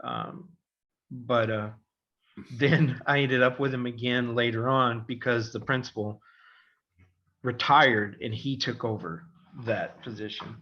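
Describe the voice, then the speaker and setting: A man's voice: mid-range voice, slow, dull audio. A middle-aged man, a podcast co-host, telling a story in casual chat and acting out the voices of the people in it. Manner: animated, acts out quoted voices, laughs often.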